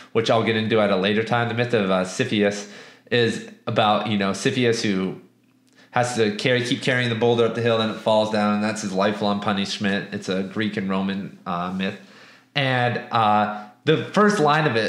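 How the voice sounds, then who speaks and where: Animated young man in an echoey room. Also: on the low side. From US West Coast. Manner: animated, profane, rambling with restarts. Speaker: book reviewer. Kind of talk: casual book review and storytelling.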